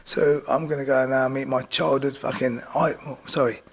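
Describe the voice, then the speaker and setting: A man's voice: medium pitch, fairly even intonation, moderate pace, slightly rough. A middle-aged man, a boxing coach telling stories as a guest in casual chat, often asking "do you know what I mean". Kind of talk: casual storytelling.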